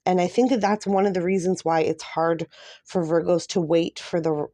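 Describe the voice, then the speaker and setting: A woman with a lowish, mellow voice gives a casual tarot reading straight to camera. She gushes with feeling and leans on lots of fillers. The sound is close and dry. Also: steady tone, moderate pace, dry recording. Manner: gushing and emotional, many fillers. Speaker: tarot reader.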